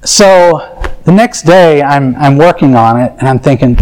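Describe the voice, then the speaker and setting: A man's voice: mid-range voice, measured pace, a little mellow, low-quality recording. A man preaching a sermon, telling a personal story in an earnest, confessional way and acting out his own thoughts.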